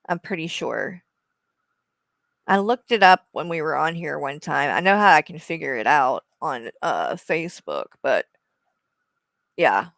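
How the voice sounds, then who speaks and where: A woman with a drawl chats at a slow, easy pace, switching between baby talk for her dog and casual cursing. Her voice sits close to the mic in a dry, dead-sounding room. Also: fairly low pitch, vocal fry, fairly bright tone, no echo. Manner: chatty, swearing, cooing over her dog. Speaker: co-host of a streaming show. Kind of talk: casual chat on a livestream.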